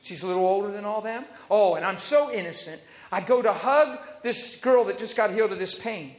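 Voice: medium pitch, brisk, reverberant, big-room sound. A preacher telling a healing testimony in a storytelling sermon, acting out the people in the story. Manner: animated storytelling that acts out the people quoted.

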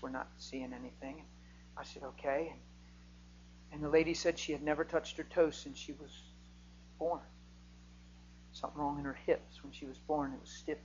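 A man preaching a sermon, telling a healing story and rising to near-shouting when he gets excited. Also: mid-range voice, lo-fi sound, slight background noise.

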